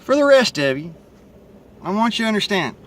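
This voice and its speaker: A man's voice: sits high, very animated, a little fast, fairly bright tone. A man with a Southern accent and a stutter, talking bluntly and profanely into his cell phone in a rambling monologue. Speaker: vlogger. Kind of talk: casual monologue to camera.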